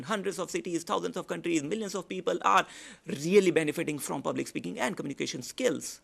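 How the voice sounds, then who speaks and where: A man with an Indian English accent, a public speaking trainer giving a lecture and demonstrating shifts in volume, pitch and pace. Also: vocal fry. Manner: demonstrates loud, soft, fast and slow delivery. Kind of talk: online lecture.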